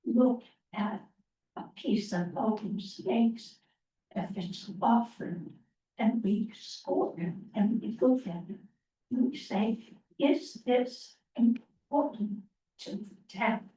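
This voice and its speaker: Slow, halting woman at a town meeting. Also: medium pitch, warm tone, slight background noise. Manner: slow, halting, many ums. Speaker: open space committee presenter. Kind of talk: public meeting presentation. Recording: roomy, distant, muffled meeting audio.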